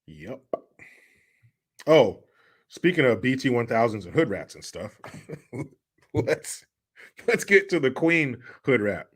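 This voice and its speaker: A man's voice: mid-range voice, very animated, slow, long pauses, husky. A man hosting a casual livestream, loose and joking as he reads chat messages aloud. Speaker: livestream host.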